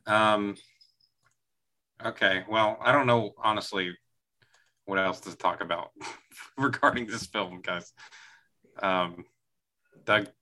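A man's voice: lowish voice, steady tone, slow, pauses often, sharp tone. A man hosting a casual movie podcast, rambling and exasperated at the plot. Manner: exasperated, rambling, laughs often. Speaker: podcast host.

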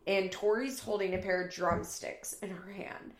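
Chatty woman with a gravelly voice. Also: medium pitch, moderate pace, echoey room. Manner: animated retelling, acts out quoted lines with raised voice. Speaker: reality TV recapper. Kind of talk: casual recap commentary.

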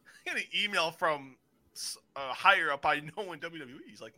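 A man hosts a casual wrestling review show, telling his stories with excitable energy and a good deal of swearing. His voice sits high and swings widely in pitch. The tone is very bright and cutting. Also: brisk. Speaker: podcast host.

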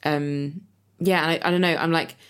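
A woman's voice: low-pitched, steady tone, normal speed, a bit bright, clear, resonant tone. A woman co-hosting a podcast, speaking reflectively in casual conversation, with many fillers and restarts. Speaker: podcast co-host and author.

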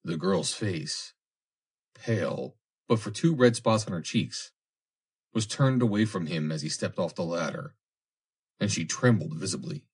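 A man reads a story aloud in a low, husky voice, narrating at a measured pace. His tone moves lively between phrases. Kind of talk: audiobook reading.

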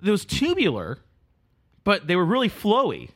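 A man's voice: high voice, huge pitch swings, moderate pace, fairly bright tone. A man co-hosting a casual podcast who keeps teasing and joking with his co-host. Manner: teasing, jokey.

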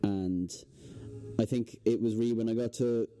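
A young Irish man, a guest on a podcast, telling relaxed stories in casual chat. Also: on the low side, moderate pace. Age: young adult. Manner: relaxed storytelling with fillers. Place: indoors, hotel podcast setting.

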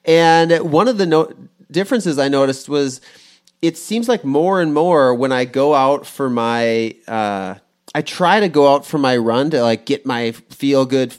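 A man's voice: medium pitch, measured pace, clear, resonant tone. A man in his forties asking questions in a casual talk, rambling and thinking aloud with many restarts. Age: 40s. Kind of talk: casual conversation.

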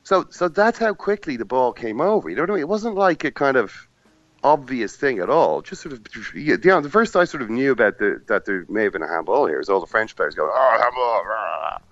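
A man on a football podcast, chatting casually and acting out players and the referee in quick asides. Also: mid-range voice, big pitch swings, a bit bright, dry recording, highs cut off. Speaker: football pundit at the final.

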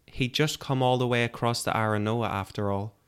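A man narrating a fantasy story in a calm, measured audiobook style. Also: mid-range voice, clean tone.

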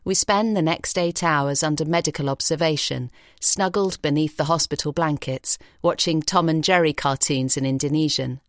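A woman reading an audiobook story in a measured, expressive way in a recording studio. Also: low voice, no room sound. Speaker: audiobook narrator. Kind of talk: scripted narration. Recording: dry studio sound.

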